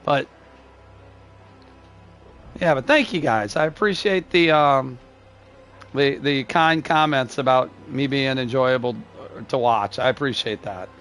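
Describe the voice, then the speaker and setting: Gruff and curmudgeonly-sounding, this older man plays a video game on a live stream, explaining his plays and responding to chat, though he claims he's not angry. He frequently breaks off and restarts his phrases, chuckling as he goes. His pitch is medium, his tone a bit bright, and faint music plays behind him.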